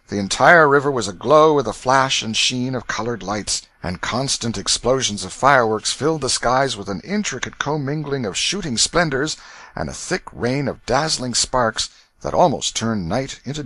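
A man reading an audiobook in a measured, clear storytelling manner. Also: lowish voice, fairly bright tone, dry recording. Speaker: audiobook reader. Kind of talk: scripted narration.

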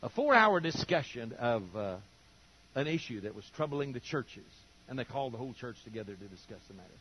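A brisk older man, medium in pitch with a breathy edge, preaches through lively stories, taking on the voices of the people he describes. The recording quality is dull and lo-fi.

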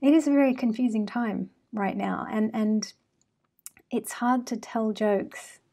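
A woman's voice: on the high side, a little slow, creaky, mellow. A woman in her thirties from Australia, her accent mixed with British and American traces, hosting an astrology channel in a chatty, casual monologue with frequent fillers.

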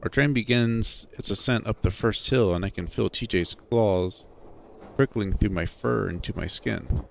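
A man narrating a first-person story in a conversational, animated way. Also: fairly low pitch, measured pace, vocal fry, a little hiss or hum.

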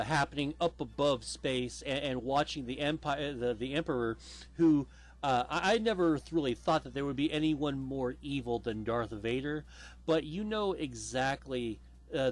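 A man hosting a casual podcast chat, rambling with lots of fillers and the odd swear word. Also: mid-range voice. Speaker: podcast host.

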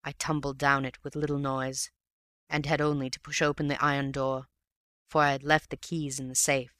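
A man narrating a story aloud in a measured storytelling manner. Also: mid-range voice, little pitch movement, bright, forceful tone, dry recording, studio quality. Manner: measured storytelling, addressing a friend. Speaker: audiobook reader.

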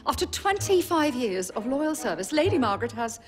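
A woman's voice: high-pitched, very animated, fairly quick, soft background music. An actress playing a prim, formal middle-aged female assistant in distress, in a film clip. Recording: film clip with score behind.

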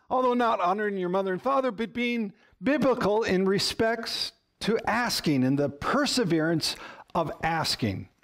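A man pastor giving a sermon in a conversational, storytelling way, with humor and questions to the congregation. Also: high-pitched.

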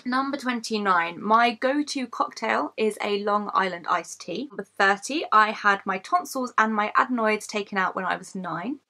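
An English woman in her late twenties talks straight to camera, running through a list of facts about herself. She is chatty and candid, laughs at her own stories and swears freely, and her voice sits at an ordinary middle pitch for a woman. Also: normal speed, hardly any pauses, sharp tone. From England, Kent. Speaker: YouTuber.

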